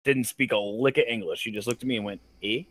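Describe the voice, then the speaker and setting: A man's voice: on the low side, fast talker, a little hiss or hum. A man from the American Midwest telling stories in casual podcast chat, swearing freely. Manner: swearing, animated storyteller. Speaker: podcast co-host.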